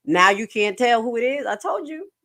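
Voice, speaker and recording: A woman's voice: a little high, moderate pace. A woman hosting an online show, commenting on a played interview and talking straight to her viewers. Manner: animated, talks straight to viewers. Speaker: host.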